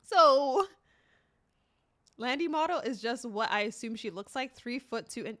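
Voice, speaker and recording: A young woman in her twenties chatting casually with her viewers as a livestreamer, telling stories in an animated, laughing way with some swearing. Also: sits high, a little slow.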